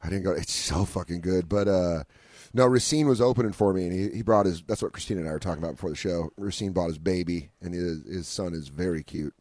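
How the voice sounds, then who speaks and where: A low-pitched man co-hosts a comedy podcast in a dry, close studio sound. He tells crude road stories with swearing and snaps into quick voices for the people he describes. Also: a little mellow, no room sound. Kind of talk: casual chat, telling profane stand-up road stories. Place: radio studio.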